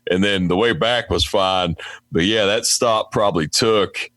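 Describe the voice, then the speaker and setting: West Virginian guy, lower voice, dry close sound, swears a lot, tells work stories. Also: measured pace, fairly bright tone, no room sound. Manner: profane, storytelling, acts out his own talk to dogs. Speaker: podcast guest, mail carrier. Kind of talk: casual chat.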